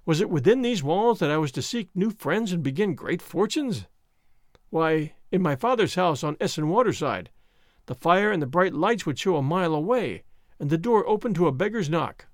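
A man narrating an audiobook at a measured pace in scripted storytelling. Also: on the high side, expressive, no echo, studio quality. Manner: measured storytelling, voicing the characters.

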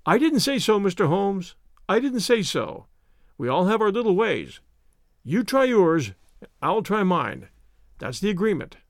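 Man doing a sly inspector, stubborn, cocky, high lively voice, dry close sound. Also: a little slow, long pauses, no echo, full character voice. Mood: sly, self-assured.

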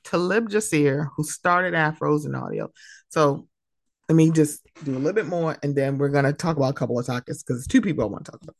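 A woman hosts her own podcast. She talks in a casual, heartfelt way and tells lively stories. The close mic sounds dry, with no room around her. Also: low voice, fast, dry recording. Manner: emotional, tearful at times, animated storytelling. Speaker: podcast host. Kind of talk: casual solo podcast monologue.

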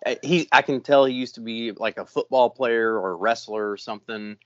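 A man's voice: mid-range voice, fairly even intonation, brisk, no room sound. A middle-aged man rants his way through a story, swearing in nearly every line. He is a podcast co-host talking casually. The sound is dry and a little dull. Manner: profane, ranting storyteller.

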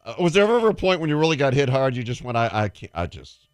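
A man hosting a sports talk radio show, moving briskly through interviews, sponsor reads and segment intros. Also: mid-range voice, sing-song, clear, resonant tone, dry recording.

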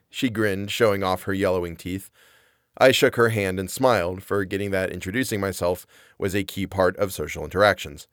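A man's voice: fairly low pitch, normal speed, no room sound, clean studio sound. A man narrating a comedic first-person story in a wry, self-deprecating, rambling way.

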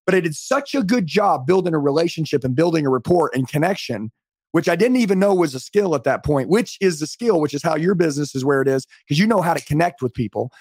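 A man's voice: a little high, expressive, quick pace, breathy edge, dry recording, clean studio sound. A middle-aged man telling his story as a podcast guest on a call, emphatic and motivational. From United States. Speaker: podcast guest, sales trainer. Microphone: remote call.

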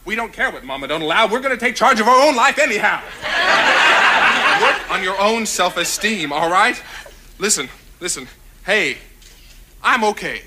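An actor playing a pushy, upbeat psychiatrist in a TV comedy sketch, coaxing and insistent like a pep talk. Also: male voice, sits high, very animated, moderate pace, long pauses, sharp tone, slight background noise, full character voice. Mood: cheerleading.

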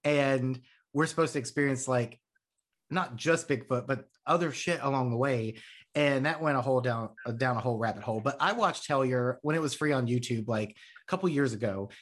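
Male podcast host, rambles excitedly and swears freely, mid-range voice. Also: mid-range voice, a little fast. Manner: rambling, profane, excitable storytelling. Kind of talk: casual chat.

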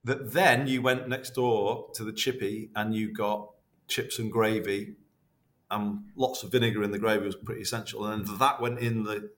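A man, chatting warmly and rambling as a podcast guest, full of restarts. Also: on the low side, steady tone, normal speed. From North West England. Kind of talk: casual interview reminiscing.

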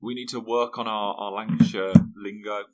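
A man's voice: fairly low pitch, steady tone, normal speed. A man co-hosting a podcast, chatting playfully and quizzing his co-host. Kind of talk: casual chat.

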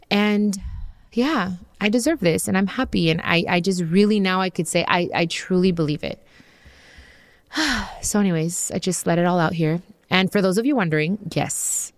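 A woman's voice: fairly low pitch, smooth, no room sound, clean studio sound. A woman in her thirties hosting her own podcast, talking candidly and emotionally in a rambling way, full of fillers and restarts. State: tearful. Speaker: podcast host. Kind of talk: personal podcast monologue.

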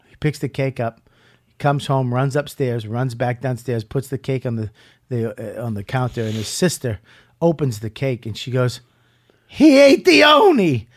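A man's voice: mid-range voice, moderate pace. A middle-aged man, a comedian guest, chatting casually and telling jokes and stories. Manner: joking, animated storytelling. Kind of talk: casual chat.

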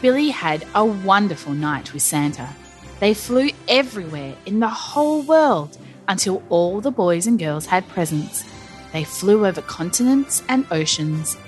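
A woman narrating a children's story aloud in an animated, playful storyteller manner. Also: medium pitch. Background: faint music.

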